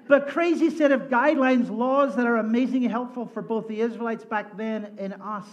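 Animated, jokey male pastor with high voice. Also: brisk, few pauses, muffled recording. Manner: animated, jokey, acts out voices in his stories. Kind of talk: sermon with storytelling. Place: church sanctuary.

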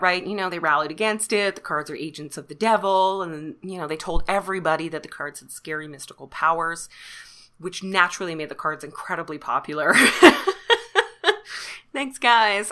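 Bright-voiced Canadian woman hosting a podcast. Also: on the low side. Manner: chatty, self-deprecating, laughs often. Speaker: podcast host. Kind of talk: casual solo podcast monologue.

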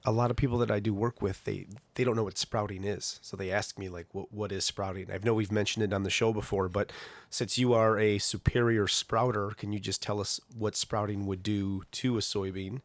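A man co-hosting a podcast while sick, sounding rough and stuffy, with dry teasing remarks. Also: fairly low pitch, fairly even intonation, fairly quick, dry recording. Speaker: doctor, podcast co-host. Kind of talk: casual podcast chat.

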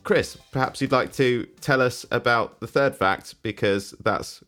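A man's voice: mid-range voice, measured pace, a bit bright, soft background music. A man co-hosting a comedy podcast, teasing and rambling, laughing often. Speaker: podcast co-host. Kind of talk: casual comedic podcast chat.

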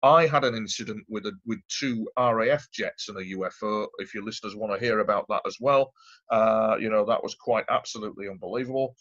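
This guest is a man whose voice runs on the low side with a fairly bright tone, and he speaks fairly quickly. He rambles through a long personal story in casual storytelling, emphatic and repeating himself, over dull lo-fi audio.

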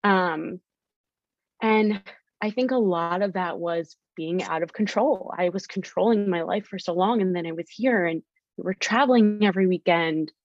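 A woman's voice: on the low side, moderate pace, no room sound, highs cut off. A young woman, a podcast guest, candidly telling her story and acting out her past self in quoted lines.

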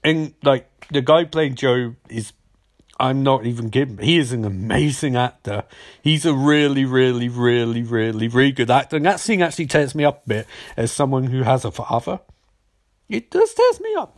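Sarcastic, animated man recapping an episode. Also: a little high. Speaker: TV episode reviewer.

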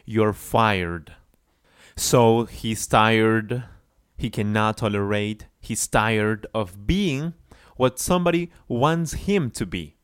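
Male English teacher for a song lesson, drawn-out phrases for repetition, smooth voice, dry close sound. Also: on the low side, no room sound.

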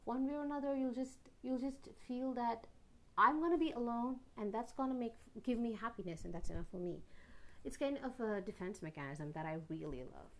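A young woman talking earnestly to the camera about being alone and loving herself, rambling with restarts and occasional sudden loud bursts. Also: medium pitch, normal speed. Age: young adult. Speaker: vlogger. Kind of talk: personal reflective monologue.

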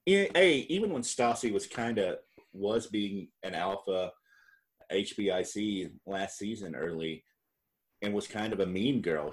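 A man with a low voice co-hosts a podcast, recapping a reality show in loose, casual chat. He rambles, corrects himself along the way, and laughs often.

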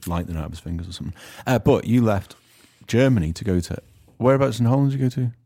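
Male podcast co-host, low gravelly voice, swings his pitch, crude jokey banter. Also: animated, quick pace, mellow. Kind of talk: casual comedy chat.

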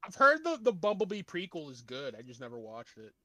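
A man hosting a casual podcast chat, animated and laughing often. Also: fairly high pitch, brisk, crowd noise. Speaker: podcast host.

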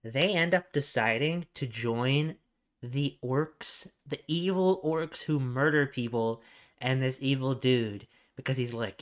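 A man's voice: mid-range voice, normal speed. A young man co-hosting a podcast, telling a long rambling story with lots of swearing. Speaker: podcast co-host. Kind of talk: casual chat.

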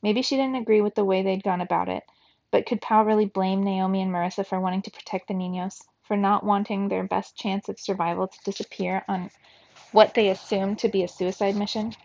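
A woman reading a children's novel aloud in steady storybook narration. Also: medium pitch, fairly quick, creaky, dry recording, lo-fi sound. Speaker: reader.

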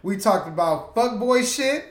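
A high-voiced man with a very lively, bouncing pitch, co-hosting a casual podcast. He swears freely, laughs often and acts out the people in his stories. His voice carries the echo of the room it was recorded in. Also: unhurried. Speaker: podcast co-host. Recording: echoey room.

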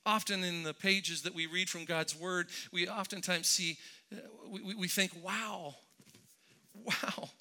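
Man, pastor, sermon, conversational, restarts often, high voice. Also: fairly even intonation, a little slow, bright, forceful tone. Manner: conversational storytelling with frequent repeated restarts.

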